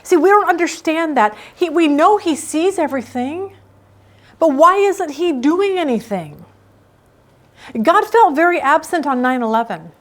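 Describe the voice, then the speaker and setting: A woman's voice: high voice, animated, unhurried. A middle-aged woman teaching a Bible study in a casual, emphatic, storytelling way.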